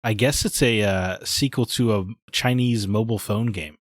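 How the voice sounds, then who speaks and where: A man with a low voice gives blunt, opinionated takes in loose podcast chat. The sound is dry and close, with no room around it. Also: moderate pace, no room sound. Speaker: podcast co-host. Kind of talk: casual chat.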